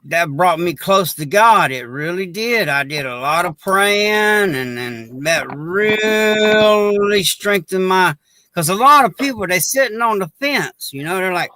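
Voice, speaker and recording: A man's voice: sits high, expressive, a little slow, pushed and bright. A man, chatting on a podcast in a folksy, earnest storytelling way. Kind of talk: casual chat.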